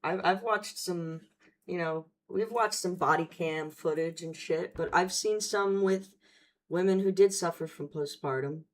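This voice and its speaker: A woman's voice: lowish voice, measured pace. A woman hosting casual commentary, talking in a blunt, profane and sarcastic way. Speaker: host.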